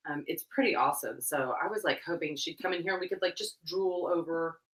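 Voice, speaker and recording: A young woman co-hosting a casual livestream chat, rambling and giggling, getting loud and excited as she tells stories. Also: low voice, fairly quick, far from the mic. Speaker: livestream co-host. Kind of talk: casual chat while cleaning tack. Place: room at home. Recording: roomy echo.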